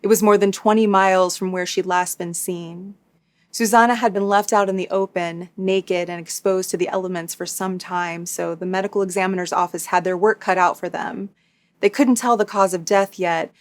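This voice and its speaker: A woman hosting a true crime recap, reading a scripted narration in a steady, matter-of-fact way with dry asides. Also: fairly low pitch, normal speed. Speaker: true crime YouTuber host.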